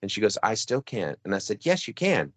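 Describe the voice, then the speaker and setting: Rambling storyteller dad, dry close sound. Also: male voice, fairly low pitch, big pitch swings, brisk, a bit bright, dry recording. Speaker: podcast co-host. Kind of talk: casual chat.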